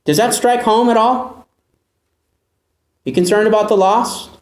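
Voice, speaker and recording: High-voiced preacher in an echoey hall. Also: male voice, a little slow. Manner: emphatic preaching with rhetorical questions. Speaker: pastor. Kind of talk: sermon.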